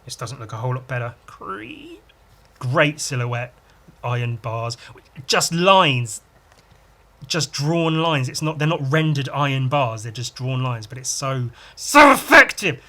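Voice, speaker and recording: A man's voice: medium pitch, a little slow, a bit bright. A man hosting a podcast, chatting casually and enthusiastically while reading a comic and adding his own sound effects. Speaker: podcast host.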